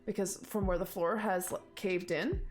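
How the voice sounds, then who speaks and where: A woman's voice: medium pitch, steady tone, normal speed, faint music behind. A woman running a tabletop game as dungeon master, describing scenes in a casual way with lots of fillers.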